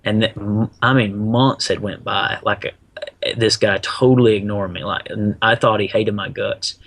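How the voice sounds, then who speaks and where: A man, middle-aged, telling a personal story in a casual, animated way, full of slang and acted-out quotes. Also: on the low side, normal speed, vocal fry, no room sound. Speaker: guest.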